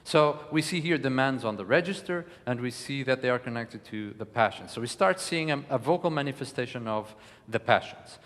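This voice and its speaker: Man lecturing, hesitant with many fillers, mid-pitched, long hall reverb. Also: expressive, a little fast, a bit bright. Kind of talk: live lecture. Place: concert hall.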